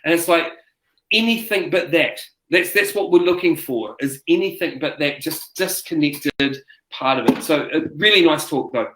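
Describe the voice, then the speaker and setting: A New man speaks as a guest in a relaxed interview, retelling stories with lots of energy and plenty of false starts. His voice sits on the higher side for a man. The room is roomy and echoey around him. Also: moderate pace. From New Zealand. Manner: animated storyteller, acts out quotes, many restarts. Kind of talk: casual interview chat. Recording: roomy echo.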